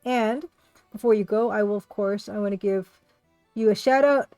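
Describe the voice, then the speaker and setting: A woman's voice: mid-range voice, normal speed, dark tone, no room sound, faint music behind. A woman from Canada, a game artist and developer, chatting casually on a live stream and answering viewers in a chatty, self-deprecating way.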